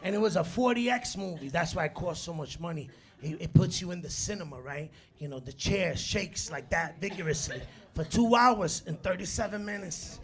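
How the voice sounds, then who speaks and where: A man in his forties doing a stand-up comedy set on a club stage, telling animated stories, acting out quotes and working the crowd. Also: sits high, normal speed. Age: 40s. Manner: animated storytelling, acts out quotes, works the crowd. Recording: live club recording with loud crowd laughter. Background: audience laughter.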